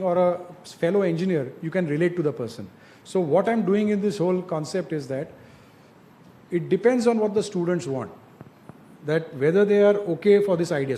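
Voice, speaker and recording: Guy mentoring students, kinda high pitched, warm-ish tone, straight to the point. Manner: direct, coaching, asks rhetorical questions. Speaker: industry speaker mentoring students. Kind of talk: informal advice talk to students.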